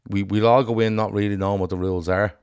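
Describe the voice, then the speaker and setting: A man with an Irish accent co-hosting a casual football chat, blunt and sweary in an animated rant. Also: fairly low pitch, fast talker, clean tone. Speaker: podcast co-host.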